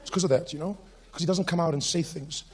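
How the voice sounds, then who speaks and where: A man with a South African accent doing stand-up comedy, animated, with lots of acted asides. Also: on the high side, fast talker, slightly rough.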